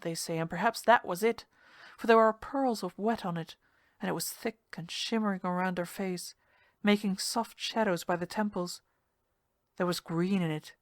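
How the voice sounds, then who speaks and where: Woman storyteller, ghost story, mid pitch, dry close sound. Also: moderate pace, no room sound. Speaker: story reader. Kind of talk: scripted narration of a ghost story.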